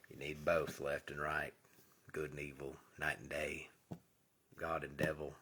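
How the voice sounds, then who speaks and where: Deep husky man giving a spiritual talk. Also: little pitch movement, measured pace, pushed and bright. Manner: earnest, drops to a whisper for emphasis. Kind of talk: casual spiritual monologue.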